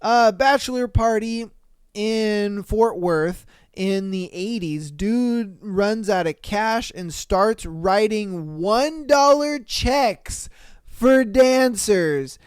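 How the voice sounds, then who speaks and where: A podcast host reading listener comments aloud in a casual, animated, slangy way, laughing and swearing often. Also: medium pitch, extremely slow, clear, resonant tone, no echo, studio quality.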